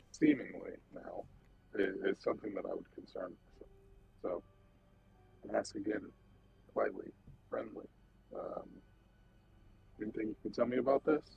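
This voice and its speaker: A man's voice: fairly low pitch, vocal fry, slight background noise. A man playing a character in a tabletop game, pressing insistently for answers. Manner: insistent, probing. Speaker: player. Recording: dull lo-fi sound with faint music.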